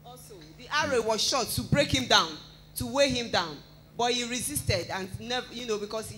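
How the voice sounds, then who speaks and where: High-voiced minister explaining earnestly. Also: male voice, bright, forceful tone, slight background noise, rough recording. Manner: earnest, preacherly, with fillers. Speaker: church minister explaining a testimony. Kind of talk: sermon-like explanation.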